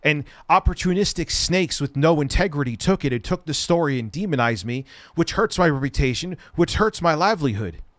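A man hosting a livestream, ranting angrily with lots of profanity and sudden bursts of shouting, and he says he is stoned. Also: fairly high pitch, lively intonation, fairly quick, few pauses, no echo, studio quality. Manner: profane, angry, shouting at times. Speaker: livestream host. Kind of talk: heated livestream rant.

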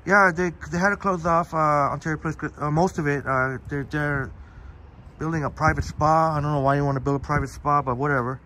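A man's voice: on the high side, steady tone, brisk, bright, forceful tone, a little hiss or hum. Chatty man streaming a park walk. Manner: chatty, reads viewer comments aloud by name. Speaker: live-stream host. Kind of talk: casual live-stream walk chat. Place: outdoors in a park, walking. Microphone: phone on a live stream.

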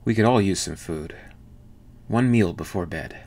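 A man with a low voice voicing a steady, practical male ship captain in a read-aloud story. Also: normal speed, vocal fry. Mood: matter-of-fact.

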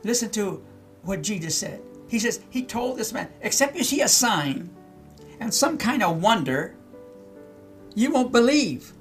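A middle-aged male pastor with a high-pitched, very animated, fairly bright voice teaches scripture verse by verse at normal speed, faint music behind him. In this slow Bible-teaching sermon he reads verses, then explains them, repeating key words and questioning listeners.

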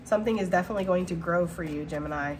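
A woman giving a casual, slangy tarot reading to her viewers, talking in an animated way with frequent laughter. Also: fairly low pitch, very fast, slight background noise. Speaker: tarot reader.

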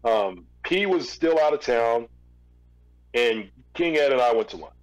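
A man in an interview, casually telling a long story with relaxed restarts. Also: medium pitch, measured pace, dry recording, poor audio. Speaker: interview guest, former record label executive.

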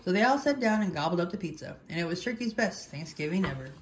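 A woman reading a children's picture book aloud in an animated, expressive storytelling manner. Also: on the low side, quick pace, slight background noise. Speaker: storybook reader.

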